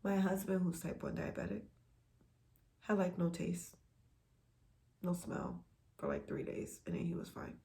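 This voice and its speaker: Woman, low and gravelly, earnest casual vlogger, repeats herself for weight, drops soft and breathy at times. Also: huge pitch swings, a little slow, long pauses. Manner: earnest, repeats lines for emphasis, often softens to near a whisper. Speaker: vlogger sharing a health journey. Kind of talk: casual personal vlog.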